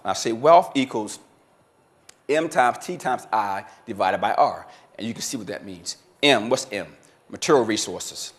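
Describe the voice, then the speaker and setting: A man giving a motivational seminar talk as keynote speaker, quizzing the audience and repeating their answers back to them. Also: medium pitch. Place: conference room with a live audience.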